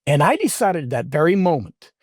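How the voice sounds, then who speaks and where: A middle-aged man, a guest on an interview show, tells a personal story in an earnest, heartfelt way, often halting and restarting his sentences. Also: on the high side, big pitch swings, husky, dry recording, studio quality.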